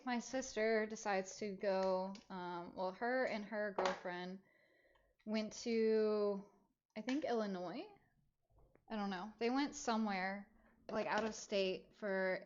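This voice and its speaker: Over slightly muffled, dull-sounding stream audio, a woman at a middle pitch recounts something that happened to her. She's casual and animated, wandering through the story with heavy use of filler words.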